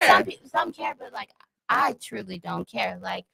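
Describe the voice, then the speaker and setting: A woman's voice: mid-range voice, moderate pace, gravelly, very noisy. A woman speaking frankly and casually in a group podcast chat, with casual swearing.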